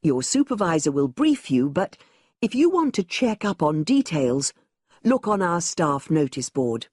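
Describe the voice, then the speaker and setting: Woman w a low husky voice, museum staffer explaining stuff to new volunteers, scripted test audio, very dry sound. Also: very animated, a little slow, a little mellow, no echo. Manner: clear, explanatory, giving directions. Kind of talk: scripted exam listening recording.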